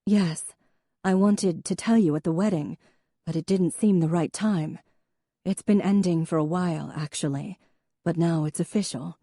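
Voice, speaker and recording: A woman's voice: lowish voice, mellow, no echo, clean studio sound. A woman voicing a poised, formal elder sister with a refined, precise manner.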